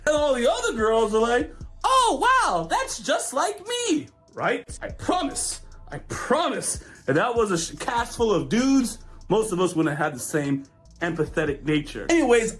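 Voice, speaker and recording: A man from Jamaica hosting an anime reaction show, talking casually and excitably straight to his viewers. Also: high-pitched, husky. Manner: animated, excitable, addresses viewers directly. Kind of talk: casual anime review rant.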